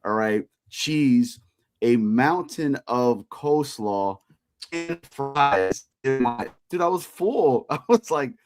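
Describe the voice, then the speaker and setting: A man's voice: medium pitch, expressive, slow, music in the background. A man chatting casually on a sports show, recalling a meal in a laid-back way. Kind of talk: casual chat.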